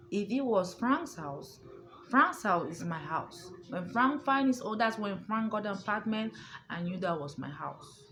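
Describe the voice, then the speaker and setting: A woman's voice: mid-range voice, animated, measured pace, fairly bright tone, a little hiss or hum. A woman telling a family story to her viewers in a casual, emphatic way, repeating her points and checking that the listener understands. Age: adult. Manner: emphatic, repetitive, addresses listener directly.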